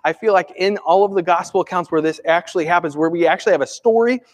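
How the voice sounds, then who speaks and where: Pastor, male, high voice, chatty sermon full of rhetorical questions. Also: fast. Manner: conversational, asks the congregation rhetorical questions; acts out everyday inner voices.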